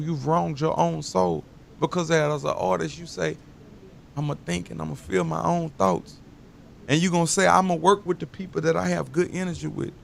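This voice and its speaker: Gravelly man telling loose stories. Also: on the high side, a little hiss or hum. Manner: loose, animated storytelling with slang. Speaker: guest. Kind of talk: casual interview talk.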